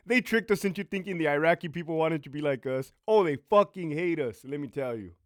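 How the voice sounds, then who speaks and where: A man's voice: a little high, expressive, a little fast, hardly any pauses, no room sound, clean studio sound. A middle-aged man, a former prison sergeant and military veteran, giving blunt, profane advice in a storytelling monologue. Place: home.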